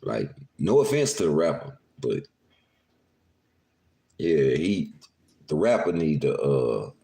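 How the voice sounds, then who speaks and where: A man with a very deep, gravelly voice hosts a casual livestream from home. He swings his pitch widely as he jokes, curses and laughs with the chat in loose slang. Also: sing-song, takes it slowly, warm tone. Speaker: podcast host talking to live chat. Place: indoors, at home.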